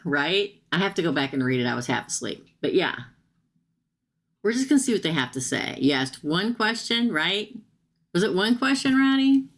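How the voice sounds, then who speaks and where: Low, gravelly-voiced hoarse woman reading tarot. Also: a bit bright. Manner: chatty, laughs often, calls the viewer "girl". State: hoarse, losing her voice. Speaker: tarot reader hosting a live stream. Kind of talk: casual live tarot reading.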